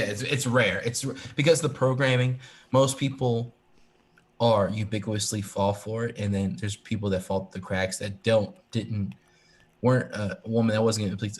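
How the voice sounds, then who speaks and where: A man chatting casually on a live stream, rambling and swearing, with many restarts. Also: on the low side. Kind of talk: casual chat. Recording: echoey room with faint ambient noise.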